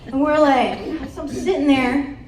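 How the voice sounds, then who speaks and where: Animated woman storyteller in echoey hall. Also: high voice, a little slow, distant mic, a crowd in the background, noisy background. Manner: animated, laughing storyteller with many restarts. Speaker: motivational speaker. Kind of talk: storytelling speech to a live audience. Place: conference hall.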